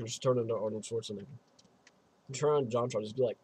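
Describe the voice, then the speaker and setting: A man with a slightly husky voice at an ordinary middle pitch, streaming a game from home. He reads the on-screen text aloud and breaks off into playful, rambling asides into a desk microphone. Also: fairly even intonation, quick pace, pauses often, a little mellow, no room sound. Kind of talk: casual let's-play commentary, reading game text aloud.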